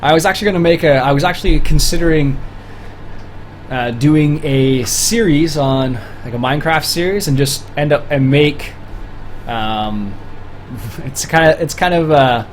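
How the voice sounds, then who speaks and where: A man's voice: on the high side, a little slow, a little hiss or hum. A young Canadian man from Ontario chatting casually through a livestream, rambling with fillers and restarts. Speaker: streamer.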